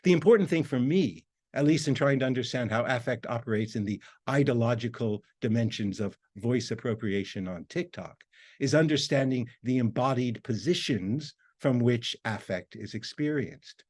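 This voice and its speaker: A man, a university lecturer, reading a prepared academic talk in a measured, formal way. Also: medium pitch, expressive, a little mellow.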